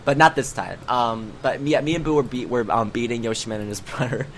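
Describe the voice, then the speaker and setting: A man's voice: medium pitch, brisk, fairly bright tone, slight background noise. A man co-hosting a casual gaming podcast, chatty and rambling, with lots of fillers and restarts. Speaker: podcast co-host.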